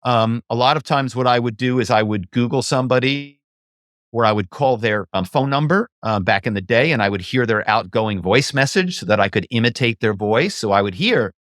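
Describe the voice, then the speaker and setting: A man talking casually as a guest in an interview, telling stories in an animated way and often adding "you know" and "right". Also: mid-range voice, a little fast, dry recording, studio quality. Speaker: guest, former actor and social engineer.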